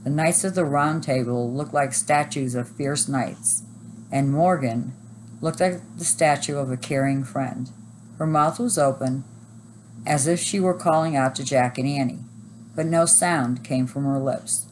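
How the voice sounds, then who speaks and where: A woman teacher reading a chapter book aloud at a steady, even pace. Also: a bass voice, a little slow, a little hiss or hum, low-quality recording.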